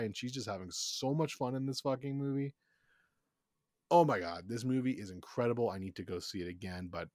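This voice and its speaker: A man chats on a podcast in an average-pitched voice, rambling with fillers and swearing freely as he gushes. The sound is dry and close, with no room echo. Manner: enthusiastic, profane, rambling with fillers. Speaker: podcast co-host. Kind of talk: casual chat.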